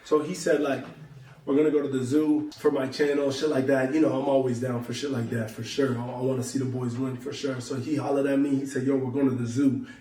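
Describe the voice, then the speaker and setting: A man's voice: mid-range voice, flat delivery, a little fast, dark tone, roomy sound, far from the mic. A young man telling a long story to his viewers in loose slang, acting out both sides of each conversation. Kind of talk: casual storytelling to camera.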